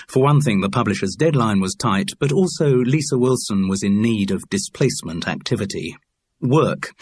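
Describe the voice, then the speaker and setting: A man narrating an audiobook in a measured, even manner. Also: lowish voice, slightly rough. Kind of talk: scripted narration.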